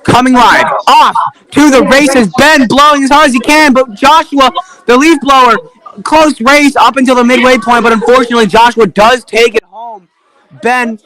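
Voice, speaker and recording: High-voiced young man calling races. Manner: excitable, building to rapid repeated calls. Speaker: race commentator. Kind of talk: live play-by-play commentary. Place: indoor room with a chanting crowd. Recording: noisy room with cheering crowd.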